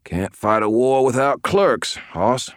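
A man voicing a gruff, weary old wizard who talks in a folksy, plain-spoken way. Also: medium pitch, lively intonation, slow, no echo, studio quality, voice pushed up.

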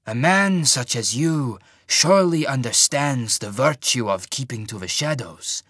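Guy doing a slow creepy-kind old mage lord, dry close sound. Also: medium pitch, expressive, breathy edge, no echo. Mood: genially menacing. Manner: slow, measured, softly menacing. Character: old rotund male mage lord, genial and sinister.

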